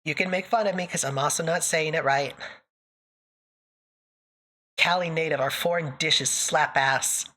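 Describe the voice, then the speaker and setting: A woman's voice: deep voice, a little slow, pauses often, bright, forceful tone. A woman streamer from Canada in casual live chat, playful and self-mocking, laughing often.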